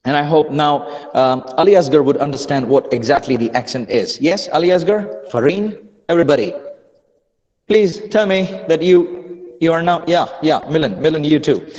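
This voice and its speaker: An energetic man teaches a live online class, urging learners to answer fast in the chat. His voice sits a bit high but mellow. It comes over a dull, lo-fi call line with a long, hollow echo. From India. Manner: energetic, repeats phrases, prods learners for quick chat replies. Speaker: online English trainer.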